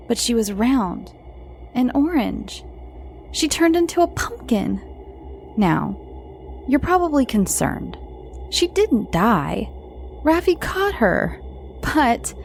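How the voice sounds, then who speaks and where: Faint music accompanies a storyteller host whose voice is on the high side, with vocal fry and a slightly mellow quality. She recounts spooky bedtime tales for children slowly and dramatically, sometimes whispering.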